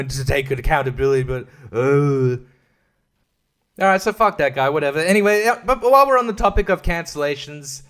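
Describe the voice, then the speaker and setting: A man's voice: on the high side, fairly bright tone. A young man hosting a solo podcast, ranting crudely and sarcastically, rambling and laughing often. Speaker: podcast host. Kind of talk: casual solo podcast rant.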